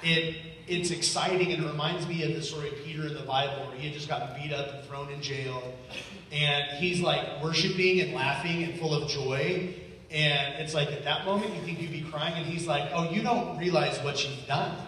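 A man's voice: on the high side, fairly even intonation, fairly quick, pushed and bright, slight background noise. A man giving a heartfelt, grateful testimony to a church congregation, talking earnestly with a chuckle here and there. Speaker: guest speaker thanking a church. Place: large church hall. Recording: echoey church hall from far off.

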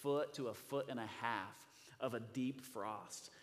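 A man's voice: medium pitch, unhurried. A man preaching a sermon as pastor, speaking conversationally and building to fervent preaching. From US Midwest. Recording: long hall reverb.

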